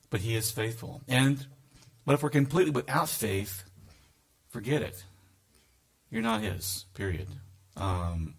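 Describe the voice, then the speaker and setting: Gravelly-voiced man teaching scripture. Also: medium pitch, fairly bright tone. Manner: conversational, reads scripture aloud with asides. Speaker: Bible teacher. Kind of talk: sermon.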